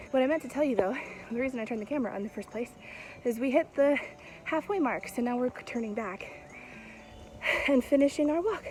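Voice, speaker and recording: A woman's voice: high-pitched, animated, brisk, long pauses, a little mellow, low-quality recording. Young woman vlogger, cheerful and chatty, talking into a handheld camera outdoors. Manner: chatty and upbeat, laughs often. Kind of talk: casual vlog chat to camera. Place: outdoors on a walk.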